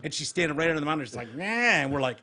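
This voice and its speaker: A man's voice: fairly high pitch, very animated, very fast, pushed and bright. A man co-hosting a podcast, telling a story in casual chat with a profane, wisecracking manner. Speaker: podcast co-host.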